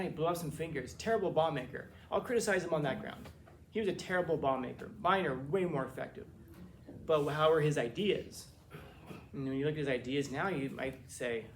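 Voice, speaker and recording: A man lecturing a class in a loose, chatty way, full of wry jokes and restarts. His voice sits slightly high for a man. A faint hiss runs under the recording. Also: quick pace, vocal fry. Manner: conversational, joking asides, many restarts. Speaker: teacher.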